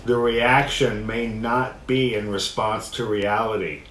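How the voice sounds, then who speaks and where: A man teaching a discussion workshop, reading passages aloud and explaining them in a relaxed way, often laughing. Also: fairly low pitch, slow. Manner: relaxed, laughs often, acts out quoted voices. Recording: echoey room with faint noise.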